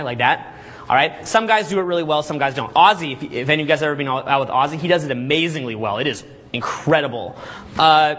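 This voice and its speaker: A man coaching a live seminar group, talking energetically and checking in constantly with "okay?" and "all right?", sometimes acting out quick scenes. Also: fairly high pitch, a bit bright. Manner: acts out little scenes in quick put-on voices. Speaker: dating coach and boot camp instructor.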